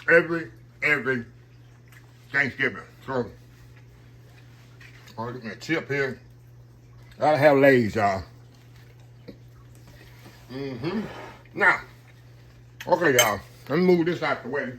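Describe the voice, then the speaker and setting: Lively chatty man cooking. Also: mid-range voice, slow, long pauses. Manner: folksy, chatty, talks straight to viewers as y'all. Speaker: cooking vlogger. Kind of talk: casual cooking vlog. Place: home kitchen.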